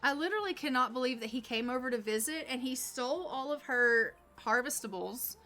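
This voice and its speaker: A chatty woman talks over her life-sim gameplay in a casual, rambling way, leaning on fillers. Her voice is bright and a little high, with faint game music underneath. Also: lively intonation, a little fast. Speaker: gaming channel host.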